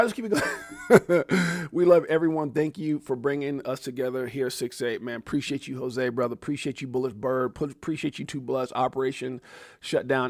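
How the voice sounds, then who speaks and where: A man hosting a livestream, talking excitedly to his chat and repeating himself. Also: mid-range voice, gravelly, no room sound, studio quality. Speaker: livestream host.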